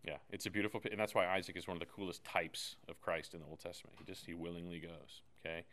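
A man's voice: deep voice, level tone, fast talker, a bit bright. A pastor in his thirties preaching a sermon, telling a personal story in an earnest, emphatic way.

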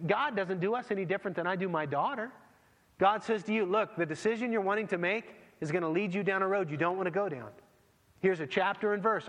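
A man's voice: high voice, a bit bright, big-room sound. A man in his thirties preaching a conversational sermon as a pastor, acting out bits of dialogue.

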